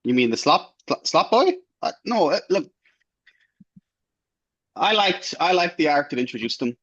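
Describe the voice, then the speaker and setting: Excitable man on a dull lo-fi mic. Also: on the high side. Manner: excitable, swears, quick outbursts. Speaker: podcast co-host. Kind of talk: casual chat. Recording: lo-fi dull sound.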